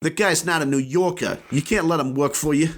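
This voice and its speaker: A young man chatting casually as a podcast guest, joking and animated. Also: brisk. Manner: animated, joking, swings high for emphasis. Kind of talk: casual comedic chat.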